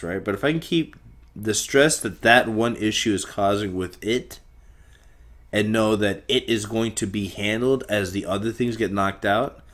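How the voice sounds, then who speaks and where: A man's voice: on the low side, fairly bright tone. A young man rambling through a profane solo podcast monologue, talking in circles. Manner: rambling, profane, stream of consciousness. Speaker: podcast host.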